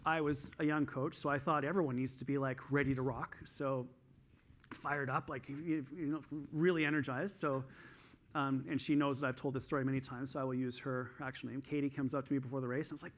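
A Canadian man giving an energetic conference talk on stage, telling coaching stories in an animated way. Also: a little fast. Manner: highly energized, animated storytelling.

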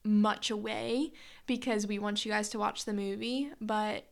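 A woman's voice: medium pitch, steady tone, measured pace, gravelly. A woman co-hosting a casual podcast, chatty and giggly, talking straight to her listeners. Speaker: podcast co-host. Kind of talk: casual chat.

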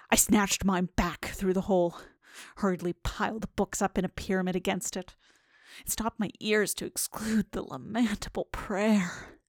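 A woman host, a librarian, giving a scripted narration and a dramatic reading in a hushed, whispery storytelling manner. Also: medium pitch, no echo, studio quality.

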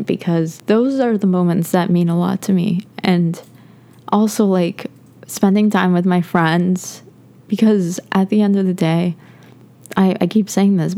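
A woman's voice: fairly low pitch, vocal fry, dark tone. A young woman hosting a podcast, talking through her personal views in a rambling, earnest way, full of fillers and restarts and close to tears at times. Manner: earnest, rambling, heavy on "like", gets emotional. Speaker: podcast host. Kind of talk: personal reflective monologue.

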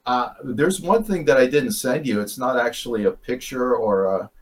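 A man's voice: medium pitch, normal speed. Rambling man telling ghost-hunt stories. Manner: rambling, self-correcting, chuckles. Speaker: paranormal investigator guest. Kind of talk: casual storytelling.

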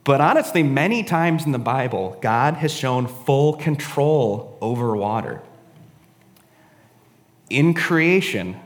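A man's voice: medium pitch, animated, takes it slowly, long reverb tail. A man giving a casual, conversational sermon, often adding "right?" and "honestly". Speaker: preacher.

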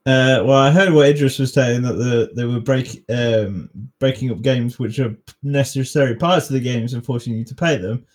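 A young man hosts a relaxed podcast conversation with a mid-pitched voice. He hesitates, restarts his sentences and laughs often. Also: normal speed, few pauses. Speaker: podcast host. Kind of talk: casual chat.

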